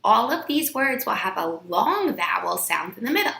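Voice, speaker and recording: A woman's voice: mid-range voice, very animated, moderate pace, creaky, pushed and bright, roomy sound. A woman teaching a phonics lesson to young children, stretching out words and sounds and answering her own questions in a sing-song way.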